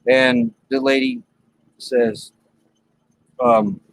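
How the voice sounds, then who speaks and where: A man's voice: medium pitch, extremely slow, creaky, slight background noise, low-quality recording. A man hosting a live stream from his RV, telling a story in plain, colloquial talk and acting out the dialogue. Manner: animated, acts out dialogue in the story. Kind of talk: casual storytelling to live chat.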